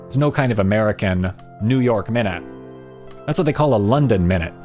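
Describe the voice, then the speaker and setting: Lively-voiced man hosting a live stream. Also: on the low side, brisk, faint music behind. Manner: rambling, reflective, joking. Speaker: host of a fan channel live stream. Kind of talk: casual live-stream chat.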